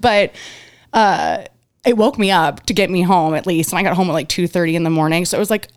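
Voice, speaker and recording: This woman chats on a podcast, telling stories at a brisk clip and jumping up in pitch for quoted lines. Her voice is smooth and clear. The sound is close and dry, with no room around it. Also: dry recording. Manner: animated storyteller, acts out quotes, laughs, swears. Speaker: guest. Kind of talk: casual podcast chat.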